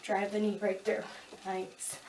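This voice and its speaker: A woman's voice: mid-range voice, completely flat delivery, measured pace, a little mellow, a little hiss or hum. A woman fitness instructor giving upbeat, chatty coaching cues during a home kickboxing workout, a bit out of breath. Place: home room. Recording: echoey room from a distance.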